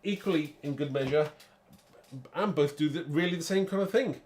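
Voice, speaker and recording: A man's voice: on the high side, normal speed, darkish tone, a little hiss or hum. A man hosting a live card-making demo, chatty and rambling, thinking aloud and laughing at his own muddles.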